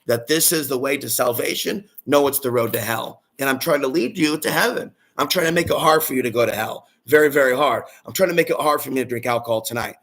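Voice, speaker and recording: A man's voice: medium pitch, quick pace, few pauses, a bit bright. A male host giving a preachy, ranting livestream monologue and calling out to his audience for amens.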